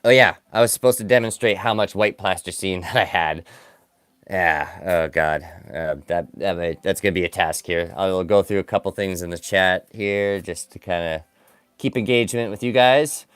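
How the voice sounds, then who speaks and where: In a low-pitched, clear and resonant voice with a fairly bright tone, a man talks at a moderate pace while crafting clay for stop-motion on a live stream, with no room sound on the recording. His chatter is casual and meandering, full of self-mockery as the work pulls his attention away.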